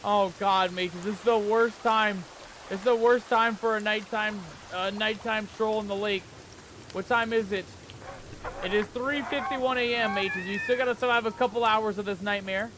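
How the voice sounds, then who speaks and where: High-voiced jumpy gaming man. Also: fairly even intonation, normal speed, a bit bright, slight background noise. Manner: calls viewers "mateys", pirate slang; jumpy, panicky yelps when scared. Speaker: gaming channel host. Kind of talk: let's play commentary.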